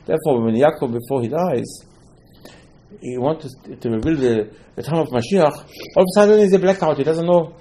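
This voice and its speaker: A man's voice: on the high side, brisk, warm tone, slight background noise, rough recording. A man teaching a Torah lesson as a sermon, telling the stories with animation and acting out the dialogue in loose, non-native English full of Hebrew terms. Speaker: religious teacher.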